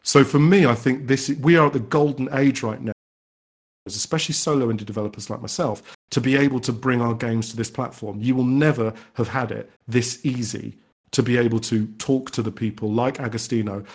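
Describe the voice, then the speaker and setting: A man's voice: mid-range voice, steady tone, fairly quick, husky. Enthusiastic male indie developer. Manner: enthusiastic, rambling with frequent restarts. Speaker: indie game developer guest. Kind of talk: podcast interview answers.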